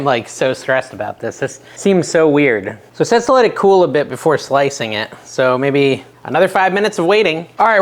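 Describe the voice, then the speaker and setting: A middle-aged man hosting a casual home cooking vlog, chatty and nervous, with a self-deprecating manner and sudden excited yelps. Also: fairly high pitch. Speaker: cooking channel host. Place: home kitchen.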